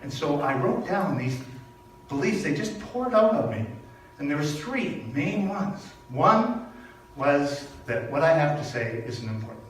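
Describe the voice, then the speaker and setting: An older man from Canada giving a personal sermon at a church service, telling stories with animated, emphatic repetition. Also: fairly high pitch, measured pace. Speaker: speaker at a spiritual church service. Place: large echoey hall. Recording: very echoey hall from far off, faint noise.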